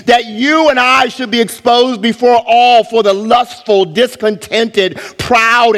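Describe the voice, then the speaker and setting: A man's voice: extremely high pitch, fairly bright tone, big-room sound. A man preaching a sermon as pastor, emphatic, with rhetorical questions, in a church sanctuary.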